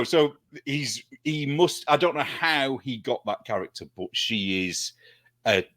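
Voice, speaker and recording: A British man chatting as a guest, an animated storyteller who laughs often. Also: lowish voice, no echo, studio quality. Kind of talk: casual chat.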